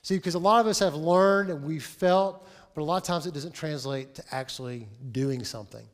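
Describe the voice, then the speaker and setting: A man in his forties preaching a sermon as pastor, telling a story with lively acted-out dialogue. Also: on the high side, a little fast. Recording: long reverb of a large hall.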